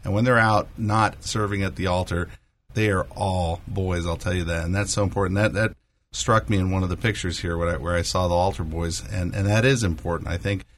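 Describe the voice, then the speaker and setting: A man's voice: sits low, steady tone, fairly quick, a bit bright, slight background noise. A man co-hosting a radio talk show, chatting casually with frequent fillers and restarts. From South Carolina.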